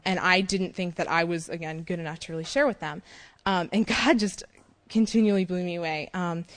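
Excited young woman sharing her testimony. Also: lowish voice. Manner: excited, fast-talking, laughs often, fills with "like" and "um". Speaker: short-term mission trip speaker. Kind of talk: personal faith testimony.

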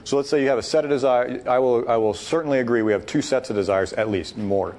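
A man leading a Bible study, teaching in a loose, discussion-style way. He talks emphatically and restarts phrases as he works through an idea. His voice sits in a middle pitch. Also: fast, a little mellow. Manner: emphatic, thinks aloud with restarts.

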